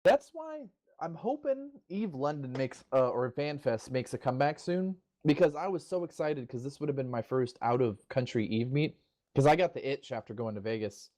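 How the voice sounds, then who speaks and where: A man's voice: mid-range voice, lively intonation, normal speed, darkish tone. Joking man from North Dakota. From North Dakota, USA. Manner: joking, self-deprecating. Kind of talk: casual group chat.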